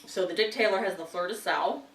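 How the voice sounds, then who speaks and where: A woman hosts a casual wine and chocolate tasting video, chatting as she chews and laughing frequently. Her mid-range voice is a bit bright and a little fast. The sound is roomy, picked up from some distance.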